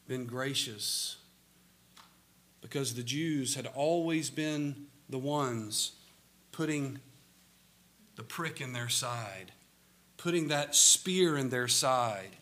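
Slow, bright-voiced Southern preacher. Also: male voice, medium pitch. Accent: Southern American. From American South. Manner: slow, emphatic preaching with sudden swells in volume. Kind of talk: sermon.

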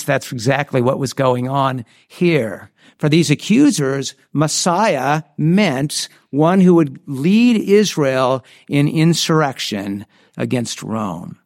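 A man's voice: medium pitch, gravelly, darkish tone, no room sound, studio quality. A man preaching a sermon in an earnest way, often restarting his phrases. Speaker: pastor.

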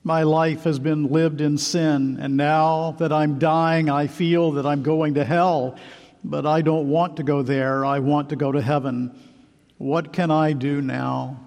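A man's voice: on the high side, level tone, a little slow, vocal fry, a little mellow. A man voicing a feeble dying woman. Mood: earnest. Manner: feeble, earnest. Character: weary dying woman afraid of judgment. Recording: long hall reverb.

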